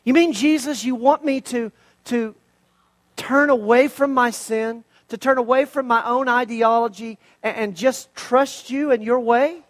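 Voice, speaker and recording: A man's voice: very high-pitched, fairly even intonation, unhurried. A man preaching, voicing a proud, indignant army commander who grumbles and complains. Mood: exasperated.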